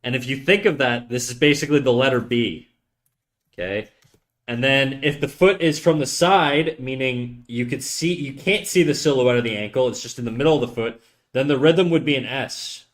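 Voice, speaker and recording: While drawing live, a man at a medium pitch and moderate pace banters with his viewers, tossing out casual drawing advice. His talk is rambling and jokey, and he keeps interrupting himself mid-thought.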